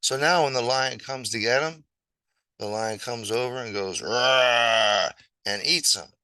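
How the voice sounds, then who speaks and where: A man's voice: medium pitch, moderate pace, pushed and bright, no room sound, poor audio. A man telling an old fable in a casual, rambling and playful way, with chatty asides as he draws. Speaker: storyteller. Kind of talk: casual fable storytelling while drawing.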